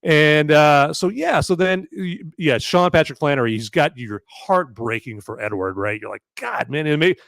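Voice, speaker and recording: A man's voice: on the high side, normal speed, gravelly, hardly any pauses, fairly bright tone, dry recording. A man hosting a live film review podcast, retelling a plot in a rambling, casual way full of fillers and tag questions. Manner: rambling, filler-heavy, keeps asking "okay?". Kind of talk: casual live-stream recap.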